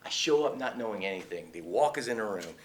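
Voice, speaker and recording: A man, a working actor on a workshop panel, telling excitable stories and laughing often. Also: on the low side, fast, slight background noise. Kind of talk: animated anecdote telling. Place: acting studio workshop.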